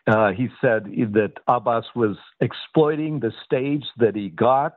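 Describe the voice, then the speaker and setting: A man in his sixties, a guest analyst on a radio news interview, talking in a measured way with many fillers and restarts. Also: medium pitch, no room sound. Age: 60s. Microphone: phone. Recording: tinny phone line.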